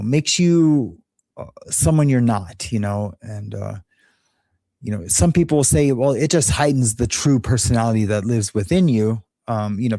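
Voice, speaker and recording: The host, a Los Angeles man, speaks in a lowish, warm voice with clean studio sound and no echo. He delivers a candid, rambling story as a casual monologue, laughing along at his own jokes.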